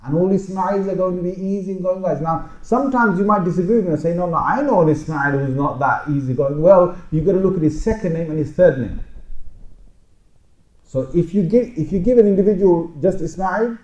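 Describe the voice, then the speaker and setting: A man's voice: high-pitched, fairly quick, mellow. A man giving an interactive Islamic lecture, talking conversationally and quizzing his listeners with show-of-hands questions. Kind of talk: interactive religious lecture to a live audience. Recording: dull lo-fi lecture recording.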